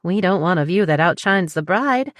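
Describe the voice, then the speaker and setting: A woman's voice: lowish voice, expressive, moderate pace, no echo, studio quality, voice pushed up, natural voice. A woman voicing a petite, bubbly wedding planner with a southern drawl who is eager to please. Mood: cheerful. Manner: upbeat, chatty, eager to please.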